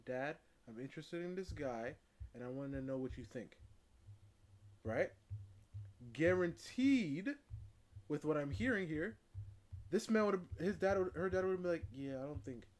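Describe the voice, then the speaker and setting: A man streaming while he reacts to a video, giving casual, opinionated commentary that turns loud and emphatic when he drives a point home. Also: mid-range voice, rough recording.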